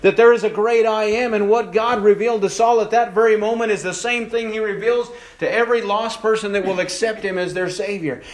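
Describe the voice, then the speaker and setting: A male pastor preaching a sermon in a church, swinging between hushed and raised passages and slowing down for emphasis. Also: high-pitched, fairly even intonation. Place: church sanctuary. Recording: echoey church room.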